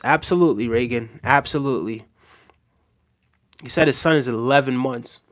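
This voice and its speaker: Hosting a casual livestream at a moderate pace, a man with a mid-range voice reads his viewers' comments out loud. He addresses the audience in an earnest, reassuring manner, leaning heavily on fillers.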